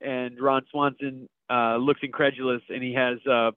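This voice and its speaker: A man's voice: medium pitch, flat delivery, normal speed, smooth, no room sound. A man hosting a comedy podcast, describing memes and laughing along. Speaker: podcast host. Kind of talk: casual podcast banter. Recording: thin phone-like line.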